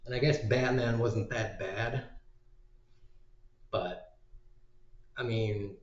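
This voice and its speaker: A man's voice: lowish voice, fairly even intonation, extremely slow. A man talking in a casual, meandering monologue, swearing freely as he goes. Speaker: vlogger. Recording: roomy, dull lo-fi recording.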